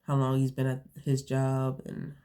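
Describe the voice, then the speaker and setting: A woman's voice: rumbling low, completely flat delivery, a little slow, dark tone. A young woman vlogging casually to her viewers, rambling with lots of fillers and restarts, a bit sniffly from allergies. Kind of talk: casual storytelling to camera.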